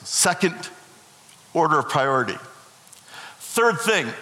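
A man's voice: fairly high pitch, sing-song, a little slow, pauses often, bright, forceful tone. A middle-aged man preaching a sermon as pastor, emphatic and repeating his key phrases. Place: church sanctuary. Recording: echoey hall with long reverb.

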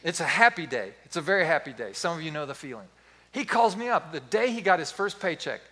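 A man in his fifties preaching a sermon as pastor, telling stories in an animated, playful way. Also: on the high side, fast.

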